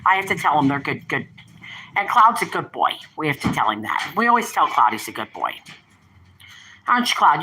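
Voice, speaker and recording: Older woman, bright lively voice, rambling livestream chatter, chats to pets in between. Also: sits low, moderate pace, a little hiss or hum, low-quality recording. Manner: rambling, chatty, breaks off to talk to pets and family. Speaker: livestream host. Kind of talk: casual live stream chat.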